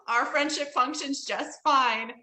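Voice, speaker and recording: A woman's voice: high-pitched, takes it slowly, bright, forceful tone. A woman hosting a podcast interview, talking in a blunt, emphatic way and swearing casually. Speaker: podcast host. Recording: echoey room with faint noise.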